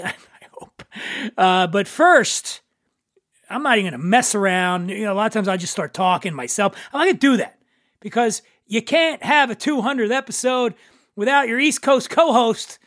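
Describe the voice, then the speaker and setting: A man's voice: high voice, a bit bright, no echo, studio quality. A man hosting a podcast, talking in a jokey, self-mocking way. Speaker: podcast host.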